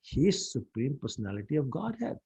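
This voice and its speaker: A man voicing an angry, insistent elder brother who demands answers, in a husky voice. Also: medium pitch, sing-song, a little fast, dark tone, full character voice.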